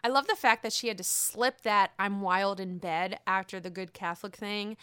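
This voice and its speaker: A woman's voice: medium pitch, steady tone, moderate pace, sharp tone, smooth, no echo, studio quality. A woman giving casual, gossipy commentary on a reality show, laughing often and swearing freely. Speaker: reality TV recap vlogger.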